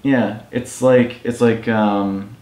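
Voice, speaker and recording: A man's voice: lowish voice, steady tone, slow pace, darkish tone. Chatty man with a roomy echo. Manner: chatty, teasing, enthusiastic storyteller. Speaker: vlogger's boyfriend. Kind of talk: casual couple Q&A chat.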